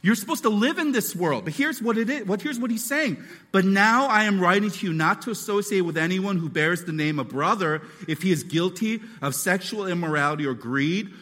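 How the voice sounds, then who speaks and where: A man preaching to his congregation with an animated delivery that slips into acted-out voices. His voice sits a bit high for a man and rings bright and forceful. The sound carries the long reverb of a church hall. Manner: animated, acts out voices and quotes. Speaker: pastor. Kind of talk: sermon.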